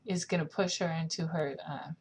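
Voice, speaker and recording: A woman's voice: sits low, fairly even intonation, moderate pace, darkish tone, a little hiss or hum. A young woman teaching a singing lesson, explaining technique and singing short lines to demonstrate. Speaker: vocal coach.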